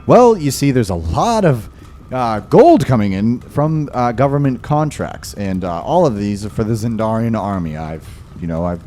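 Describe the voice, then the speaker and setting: A man voicing a frazzled, overworked male blacksmith shopkeeper who talks in hurried, stammering bursts. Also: lowish voice, sing-song, mellow, slight background noise. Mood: harried.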